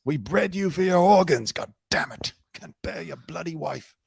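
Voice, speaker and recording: A man's voice: fairly high pitch, lively intonation, normal speed, vocal fry, darkish tone, breathy edge, voice pushed up, full character voice. A man putting on a blustering, swearing old British king in a comic rant. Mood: irritable.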